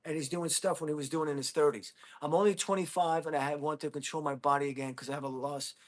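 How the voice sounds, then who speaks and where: A man in his fifties chats loosely on a livestream, drifting from one thought to the next and calling his viewers buddy and bro. His voice sits a little high for a man, and he talks in a relaxed, friendly way. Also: fast talker. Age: 50s. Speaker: livestream host. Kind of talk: casual livestream chat with viewers.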